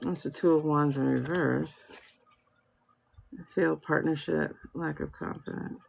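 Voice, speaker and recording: A woman's voice: sits low, fairly even intonation, unhurried, gravelly, darkish tone, husky. A woman hosting a live tarot reading, talking casually and thinking aloud in slangy speech. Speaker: tarot reader and livestream host. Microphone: phone. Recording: dull lo-fi livestream audio.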